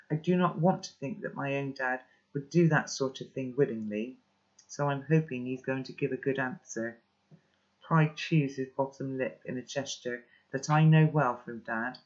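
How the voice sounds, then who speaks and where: A man reading a children's novel aloud in a steady first-person narration, sometimes stepping out for brief spoken asides. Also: mid-range voice. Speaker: storybook reader. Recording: dull lo-fi recording.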